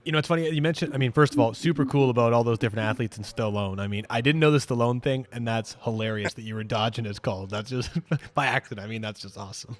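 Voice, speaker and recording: Quick-talking enthusiastic podcast host man. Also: medium pitch. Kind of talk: casual interview chat.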